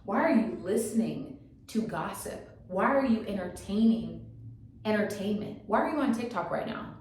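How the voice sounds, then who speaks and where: A woman voicing her own future self, a bossy woman scolding her with rapid-fire questions. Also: mid-range voice, animated, a little mellow, slight background noise, close to an everyday voice. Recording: very echoey room, distant mic.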